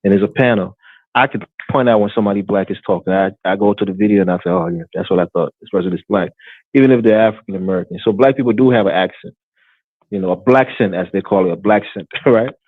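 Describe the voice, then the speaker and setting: A man dialed into a podcast over a tinny, dry phone line. He talks quickly in a lowish voice, explaining at length, restarting phrases and dropping "you know" often. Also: no room sound. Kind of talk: casual chat.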